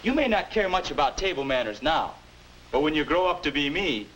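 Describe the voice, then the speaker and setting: A man's voice: fairly high pitch, very animated, a little fast, fairly bright tone, low-quality recording. A man playing an earnest young future self who lectures on manners in a 1950s educational film, heard through an old soundtrack with hiss. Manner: earnest, instructive.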